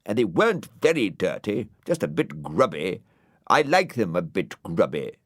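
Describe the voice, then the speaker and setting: A man's voice: low voice, very animated, normal speed, a bit bright, dry recording, clean studio sound, exaggerated voice. A man voicing a small, fussy, easily agitated male snail in a storybook, complaining indignantly.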